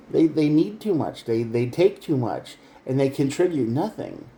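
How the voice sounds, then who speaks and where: A man's voice: mid-range voice, expressive, moderate pace, few pauses, dark tone. A man giving a tarot reading straight to the viewer, earnest and emphatic. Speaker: tarot reader. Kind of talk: direct-to-camera tarot reading.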